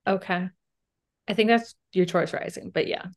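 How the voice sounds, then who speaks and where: A woman's voice: fairly low pitch, normal speed. A young woman in her twenties co-hosting a podcast, chatting casually and rambling with lots of fillers and laughter. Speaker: podcast co-host. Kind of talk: casual chat.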